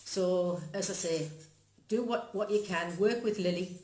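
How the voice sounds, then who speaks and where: A woman's voice: fairly low pitch, measured pace, a little mellow, a little hiss or hum. Chatty Zambian-born woman in her sixties. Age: 60s. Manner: earnest, chatty, laughs often. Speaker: guest. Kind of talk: casual chat. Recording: echoey room.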